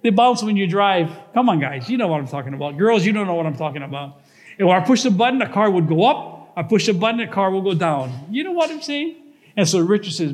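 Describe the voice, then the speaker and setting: A man's voice: high-pitched, sing-song, brisk. A male pastor preaching in a church, telling a cautionary story and asking the congregation rhetorical questions. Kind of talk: sermon with storytelling.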